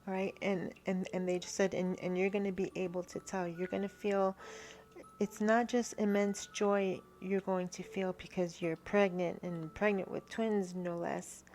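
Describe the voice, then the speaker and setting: Slow, gravelly-voiced woman tarot reader. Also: medium pitch, little pitch movement, darkish tone, soft background music. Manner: halting, repeats herself, frequent "right?". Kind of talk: spiritual card reading to viewers.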